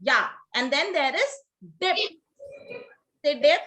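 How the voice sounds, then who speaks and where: A woman teaching a pronunciation class, her voice high and clear. She drills words for the students to repeat and swings her pitch up and down as she coaxes and checks in. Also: lively intonation, slow, fairly bright tone, a little hiss or hum. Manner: coaxing, drills repetition, frequent "okay?" checks.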